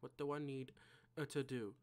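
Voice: medium pitch, fairly even intonation, normal speed, a little mellow. A gaming channel creator giving casual gameplay commentary, mumbling and thinking aloud to themself at a desk mic.

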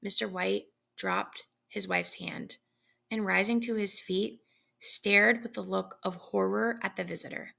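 A woman reading a classic short story aloud in a measured storytelling manner. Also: medium pitch, fairly even intonation, creaky, bright, forceful tone. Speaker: reader.

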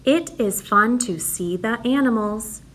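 A young woman teacher giving a recorded writing lesson to young children, speaking clearly with big, exaggerated emphasis. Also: a little high, unhurried, a bit bright.

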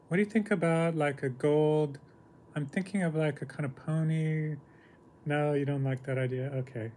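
Throat-clearing man in casual monologue. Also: on the high side, steady tone, darkish tone, a little hiss or hum. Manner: halting, clears throat often, asks questions and answers himself. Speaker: entertainer talking to his angels. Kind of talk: casual monologue with book reading.

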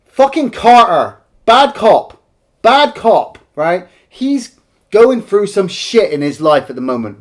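A man's voice: a little high, darkish tone. A man co-hosting a casual film review, ranting with exasperation and constant swearing. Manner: profane, exasperated, heavy swearing.

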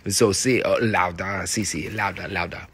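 A man's voice: low voice, steady tone, normal speed, a bit bright, breathy edge. Man reading out rehearsal notes. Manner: encouraging, reads notes aloud, repeats phrases. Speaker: theatre director.

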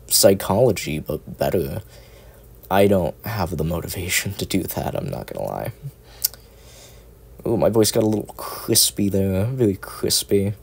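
A man's voice: low voice, darkish tone. A young man chatting casually at home into a cheap microphone, rambling, swearing and making self-mocking jokes. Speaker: ASMR content creator.

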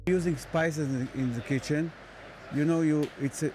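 A man who works as a herbalist, speaking haltingly in an interview and repeating words as he searches for them. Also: on the high side, steady tone, music in the background, rough recording. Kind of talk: casual interview.

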